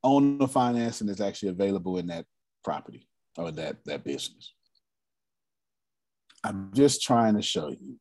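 Guy coaching on business, low husky voice, dry close sound, keeps repeating himself. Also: normal speed, pauses often, no room sound. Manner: animated, repetitive, drops into playful put-on voices. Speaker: finance coach. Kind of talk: live online business teaching.

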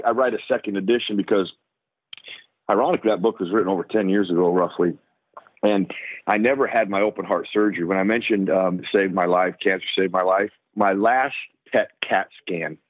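A middle-aged man with a fairly low voice tells a long personal story as an interview guest. He brings the story alive by acting out other people's lines. He comes through a dry, thin phone line. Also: dry recording. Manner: animated storyteller who acts out the lines of others. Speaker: guest, former football player.

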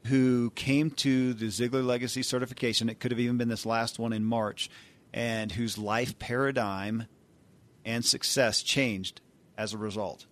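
A man's voice: mid-range voice, fairly even intonation, moderate pace, a bit bright, no echo. A man co-hosting a podcast, talking conversationally and promoting an upcoming course. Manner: conversational, with frequent uh fillers. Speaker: podcast co-host.

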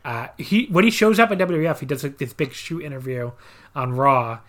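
A man hosts a podcast in a loose, casual way. He walks through a match move by move with dry, sarcastic jabs and plenty of filler words, in a voice of middle pitch. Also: brisk. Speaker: podcast host. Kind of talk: casual wrestling review chat.

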